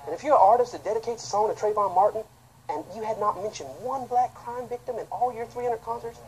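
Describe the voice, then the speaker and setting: A man, a pastor, preaching an impassioned sermon that swings between loud outbursts and quiet, low asides. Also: fast, slight background noise, rough recording. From United States.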